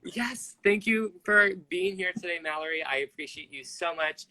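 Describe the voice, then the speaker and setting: A man hosting a casual live-stream interview over a video call. His voice is very bright and forward, and he talks in an effusive, gushing way. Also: high voice, moderate pace, low-quality recording. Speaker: interviewer, social media host.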